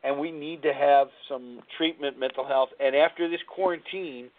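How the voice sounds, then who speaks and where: A man's voice: medium pitch, moderate pace. Man in his sixties hosting live radio over a tinny line. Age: 60s. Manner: candid, rambling storytelling with frequent restarts. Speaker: radio show host. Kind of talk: live radio talk on recovery. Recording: tinny phone-line sound.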